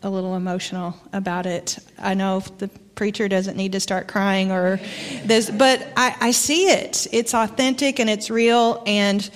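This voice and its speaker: A middle-aged woman with an Arkansas accent, giving a sermon as a guest preacher, in a conversational storytelling manner. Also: medium pitch. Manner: warm, conversational storytelling with pauses. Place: church sanctuary. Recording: long church reverb.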